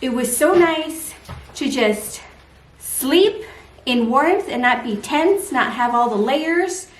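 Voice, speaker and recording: A woman's voice: high-pitched, lively intonation, takes it slowly, a little hiss or hum. A woman in her thirties talking candidly to camera in a casual home vlog, chatting directly to her viewers. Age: 30s. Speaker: vlogger.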